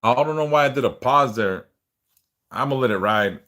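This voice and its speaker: A man's voice: mid-range voice, moderate pace. A man hosting a livestream, leading prayers and then chatting casually, swearing now and then and sometimes repeating words as he speaks. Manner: relaxed, swears casually, reads chat aloud; speaks of stuttering, some word repeats.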